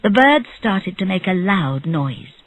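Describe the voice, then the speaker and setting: Slow, breathy storybook narrator. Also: medium pitch, big pitch swings, no room sound, rough recording. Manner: clear, measured storytelling. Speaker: audiobook narrator. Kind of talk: slow graded-reader narration.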